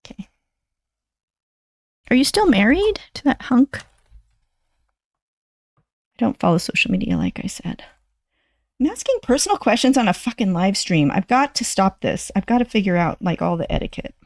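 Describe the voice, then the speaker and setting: A woman's voice: mid-range voice, wildly swooping pitch, normal speed, pauses often, darkish tone, dry recording, clean studio sound. A woman in her sixties chatting casually and rambling on a livestream, thanking her viewers. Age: 60s. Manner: chatty, rambling, self-deprecating. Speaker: livestream host.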